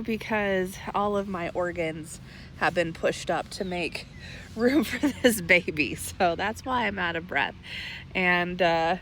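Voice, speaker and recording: A heavily pregnant woman in her thirties, a garden vlogger, sits in a lounge chair in her backyard garden giving a casual update, short of breath but relaxed and chatty, with light laughter. Her voice is on the low side and slow, with a little hiss or hum.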